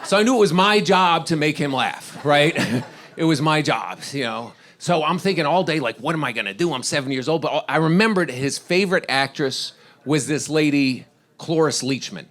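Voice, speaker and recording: A man's voice: fairly high pitch, animated, normal speed, a bit bright. Rambling middle-aged man telling stand-up stories. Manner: rambling storyteller, laughs at his own lines. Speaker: stand-up comedian. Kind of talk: stand-up set.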